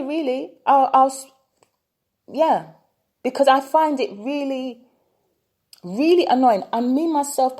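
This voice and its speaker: This impassioned opinion rant comes from a British tarot reader and vlogger whose high-pitched voice has a dark tone. She keeps circling back to rhetorical questions.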